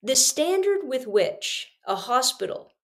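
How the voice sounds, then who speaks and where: A woman's voice: sits high, sing-song, slow. A middle-aged woman, hosting a podcast and telling a personal story in an earnest, confiding way, speaking straight to her listeners. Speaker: podcast host.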